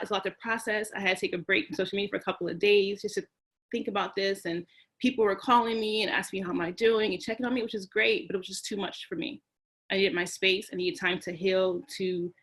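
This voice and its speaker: A woman taking part in a panel discussion over a video call, her voice mid-pitched. She speaks earnestly and with feeling, circling back to repeat her phrases.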